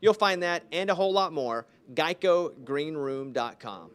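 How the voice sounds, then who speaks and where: A man's voice: a little high, animated, a little slow, clean tone. A man hosting a live radio broadcast, upbeat and polished as he links segments. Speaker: radio show host.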